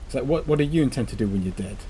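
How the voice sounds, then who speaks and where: A man bantering over a game playthrough with dry, deadpan teasing. His voice is at a middling pitch, with a faint background hiss. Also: very fast. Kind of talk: casual chat over gameplay.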